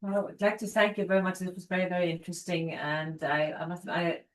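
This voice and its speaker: Fast-talking woman in an echoey room. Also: lowish voice, steady tone. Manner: eager, rambling question. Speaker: audience member asking a question. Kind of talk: academic Q&A.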